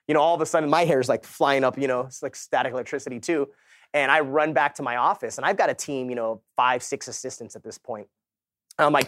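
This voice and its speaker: A man in middle age with a slightly high voice gives a talk at a sales summit. He is slangy and animated and acts out the quoted dialogue. The sound is dry and close to the mic. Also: fast, no echo. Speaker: real estate agent giving a talk. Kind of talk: energetic motivational storytelling.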